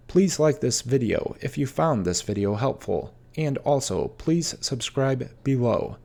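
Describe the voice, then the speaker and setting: A man giving a slow pronunciation lesson, carefully sounding out each word in a numbered list. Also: medium pitch, lively intonation, gravelly, a little mellow. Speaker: pronunciation tutor.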